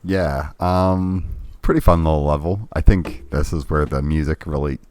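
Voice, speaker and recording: A man with an extremely deep, smooth voice co-hosting a retro gaming podcast. He talks loosely and hesitantly, backtracking often, and the close mic leaves no room sound. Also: fairly even intonation, moderate pace, a little mellow, no room sound. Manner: laid-back, hesitant, many ums and restarts. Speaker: podcast co-host. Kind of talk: casual chat about retro games.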